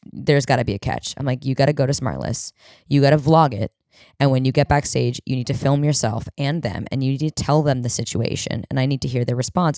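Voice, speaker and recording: A woman's voice: rumbling low, dry recording, studio quality. A young woman hosting a podcast, telling a comedic story and acting out the quotes with lots of swearing. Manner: animated, acts out quotes, swears a lot. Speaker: podcast host.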